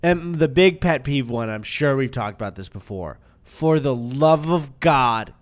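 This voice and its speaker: A young man co-hosting a podcast tells a story in casual conversation, speaking at a measured pace in a mid-range voice. He swears freely and animatedly acts out what people said.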